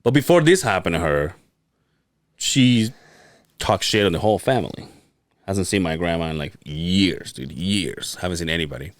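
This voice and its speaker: A man's voice: deep voice, animated, moderate pace, dry recording, clean studio sound. A man co-hosting a casual podcast chat, telling a story with lots of swearing and quoted voices. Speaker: podcast co-host.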